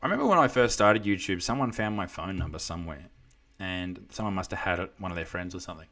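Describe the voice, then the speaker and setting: A man's voice: deep voice, expressive, fast talker, a bit bright. Crude joking Australian man. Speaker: comedian livestream host. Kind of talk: casual live stream chat.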